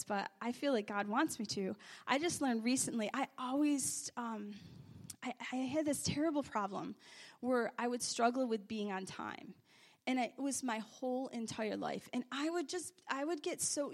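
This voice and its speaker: A woman preaching a sermon, telling stories and testimony, moving from hushed confession to loud praise. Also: high-pitched. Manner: animated, swings from hushed confession to loud exclamations.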